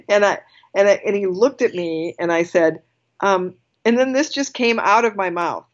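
With a mid-range voice, a female guest relates a personal story conversationally; she's animated, laughs readily, and keeps restarting her sentences. The recording has its highs cut off.

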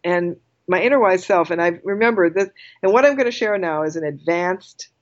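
Woman guest chatting, animated storyteller, laughs a lot, kinda low voice, muffled lo-fi audio. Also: a little fast. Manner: animated, laughs often, self-interrupting. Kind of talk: casual storytelling interview.

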